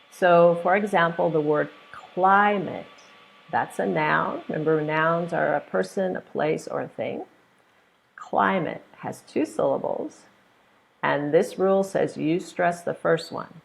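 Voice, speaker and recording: American woman, teacher type, low and heavily gravelly voice, unhurried, patiently drills example words with firm emphasis. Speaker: English pronunciation teacher. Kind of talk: online pronunciation lesson.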